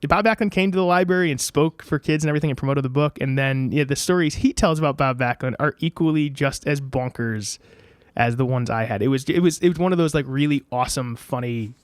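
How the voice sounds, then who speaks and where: An American man in a casual podcast interview, spinning anecdotes with bursts of energy and quick shifts in his voice when he quotes others. His voice sits at a middling pitch and sounds dry and close, with no room echo. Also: clear, resonant tone. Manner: animated, acts out quoted voices. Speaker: podcast guest.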